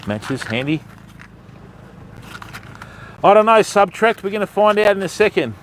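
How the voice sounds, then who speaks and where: A man's voice: high-pitched, big pitch swings, a little slow, a little hiss or hum. An Australian man hosting a live fishing stream outdoors, chatting casually and matey with viewers. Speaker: fishing livestream host. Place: outdoors on a beach.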